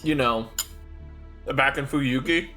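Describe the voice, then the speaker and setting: A man streaming a game, chatting in an excitable, rambling way. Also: mid-range voice, takes it slowly, faint music behind. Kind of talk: casual chat while playing.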